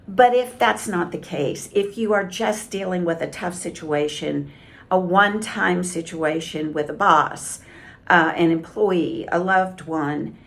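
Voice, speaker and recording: A woman communication coach giving calm, measured advice straight to camera. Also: fairly low pitch, gravelly. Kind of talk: direct-to-camera coaching talk.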